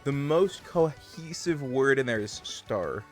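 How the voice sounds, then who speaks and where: A man's voice: medium pitch, expressive, slow, faint music behind. A man chatting casually with his stream viewers, rambling and thinking aloud as he plays. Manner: chatty, digressive, muses about pronunciation. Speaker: livestream gamer.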